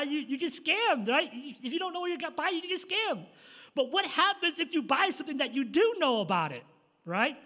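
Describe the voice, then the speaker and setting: Young male preacher, high-pitched and casual, conversational sermon with a long hall reverb. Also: pushed and bright. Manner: conversational, fillers and tag questions. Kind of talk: storytelling sermon. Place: church sanctuary.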